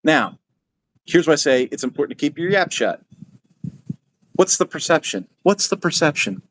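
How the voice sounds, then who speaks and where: A man's voice: a little high, sing-song, normal speed, no echo. An older man hosting his channel, giving casual advice in a folksy, repetitive way. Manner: folksy, repetitive, quotes himself in asides. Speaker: channel host.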